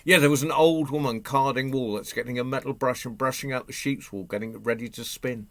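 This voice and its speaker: A man's voice: medium pitch, steady tone, a bit bright, no echo, lightly acted. A man doing a muddled forgetful robber chief. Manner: muddled, halting, rambling.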